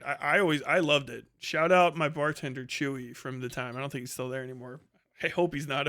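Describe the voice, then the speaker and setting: A man's voice: a little high, fairly bright tone, clear, resonant tone. A male livestream host telling a rambling, profane story in a casual way, with lots of filler words.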